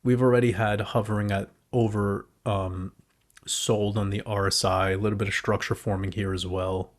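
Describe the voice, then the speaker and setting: A man giving casual, profane commentary on crypto price charts, breaking into excited outbursts. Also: on the low side, normal speed.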